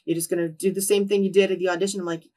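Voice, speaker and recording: A woman in her twenties as an interview guest, telling candid stories with lively quoted voices and frequent swearing. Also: fairly low pitch, racing, recorded from a distance. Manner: animated, acts out quoted voices, swears freely. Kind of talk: candid storytelling in a shoot interview.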